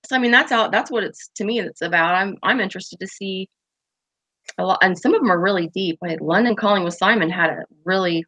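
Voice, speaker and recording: A woman's voice: medium pitch, brisk, bright, forceful tone, dry recording. A woman hosting a casual livestream chat, reading viewer comments aloud and rambling with lots of fillers and restarts. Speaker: host of a pipe-smoking chat stream.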